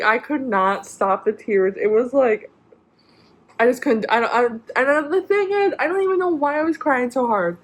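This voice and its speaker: A woman's voice: on the high side, expressive, normal speed. A young woman vlogger telling a personal story in a casual, rambling way, full of "like" and restarts. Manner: rambling, many "like" fillers and restarts.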